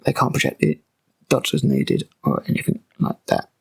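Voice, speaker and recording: A man's voice: a bass voice, wildly swooping pitch, normal speed, vocal fry, husky. A man giving a sarcastic, exasperated breakdown of a TV episode, mocking it as he goes. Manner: exasperated, mocking, with frequent fillers and restarts. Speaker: TV show reviewer.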